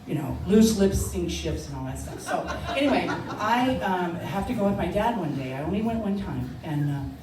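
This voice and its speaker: An older woman telling a personal story, animated and laughing, acting out the voices of others. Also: fairly low pitch, moderate pace, hardly any pauses. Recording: echoey room, distant mic, noisy.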